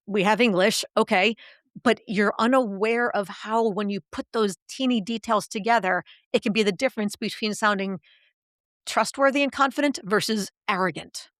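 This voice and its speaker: A woman's voice: medium pitch, normal speed, no echo, clean studio sound. A middle-aged woman, a linguist and executive coach, explaining ideas in a podcast interview and acting out quoted voices to make her points.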